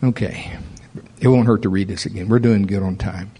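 A man's voice: on the low side, fairly quick, husky. A man preaching a sermon as pastor, talking conversationally and building in energy. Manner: conversational preaching, rising animated toward the end.

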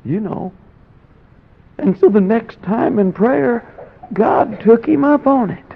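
A man's voice: very high-pitched, unhurried, vocal fry. A man preaching, telling a folksy story and acting out the voices of the people in it. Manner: folksy, acts out the voices in his stories. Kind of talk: sermon storytelling. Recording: thin phone-like recording.

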